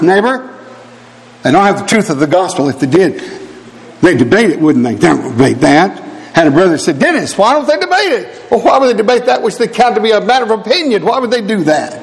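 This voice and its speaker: An older man preaching a fiery sermon, emphatic and full of rhetorical questions aimed at his brethren. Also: high-pitched. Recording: long hall reverb.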